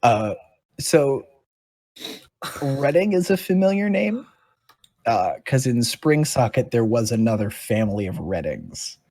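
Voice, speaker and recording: Husky guy dming, rambly and casual, lots of likes and ums, dry sound. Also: medium pitch, big pitch swings, unhurried, pauses often, a little mellow, no echo. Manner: casual, rambling, many fillers. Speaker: dungeon master. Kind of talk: narrating a tabletop game.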